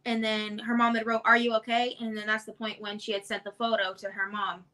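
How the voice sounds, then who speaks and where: A woman's voice: on the high side, little pitch movement, a little fast, bright, forceful tone, rough recording. A woman co-hosting a casual discussion, recounting text messages with lots of "and then she goes". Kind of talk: casual discussion, reading texts aloud.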